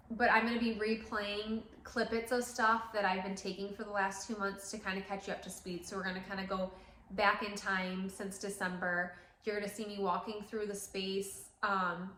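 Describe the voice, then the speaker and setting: A woman's voice: mid-range voice, a bit bright, slight background noise. A woman in her thirties who owns a salon, chatting casually and emotionally to camera, tearing up, with lots of fillers. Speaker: salon owner. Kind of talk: casual vlog chat to camera. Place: salon interior. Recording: roomy echo.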